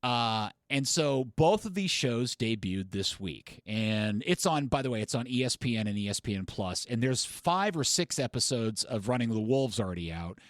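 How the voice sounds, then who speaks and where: Man, co-host, rambling, self-deprecating, mid pitch, dry sound. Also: lively intonation, moderate pace, hardly any pauses, no echo. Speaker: podcast co-host. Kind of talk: casual chat.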